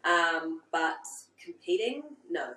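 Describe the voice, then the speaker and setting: A woman, a boxer guest in a relaxed chat, swearing and hesitating with ums. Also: on the low side, slow pace, distant mic. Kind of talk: casual chat. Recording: echoey room, off-mic.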